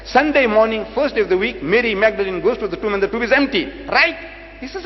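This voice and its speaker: An older man from South Africa delivers a dramatic lecture, firing rhetorical questions and repeating phrases for emphasis. His voice is high and swoops widely. The recording is dull and lo-fi, with a long hall echo and a faint hum underneath. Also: expressive, fast. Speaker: preacher. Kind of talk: public lecture to an audience.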